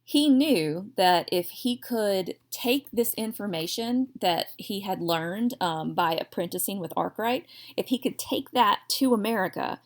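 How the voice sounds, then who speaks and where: A woman history teacher giving a recorded lecture in a chatty, digressive way, with self-deprecating jokes. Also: mid-range voice.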